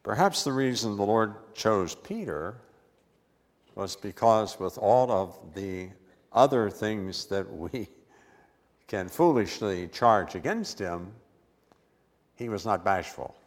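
A man's voice: on the low side, lively intonation, slow, long pauses, in a large hall. A man preaching a sermon with emphatic stress and repeated words.

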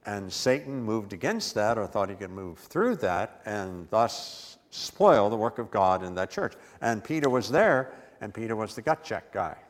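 A man's voice: fairly low pitch, very animated, unhurried, few pauses, in a large hall. A man preaching a sermon with emphatic stress and repeated words.

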